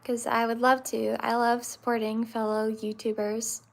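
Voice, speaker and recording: A woman in her twenties hosting a livestream, chatting with viewers and answering them with many pauses and fillers. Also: fairly high pitch, completely flat delivery, vocal fry. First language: English. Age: 20s. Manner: hesitant, many fillers and restarts. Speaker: livestream host.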